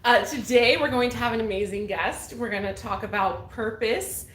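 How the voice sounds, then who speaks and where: A woman's voice: fairly high pitch, normal speed, fairly bright tone. Upbeat woman hosting a live chat. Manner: upbeat, encouraging. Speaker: host. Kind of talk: casual live talk show. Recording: echoey room.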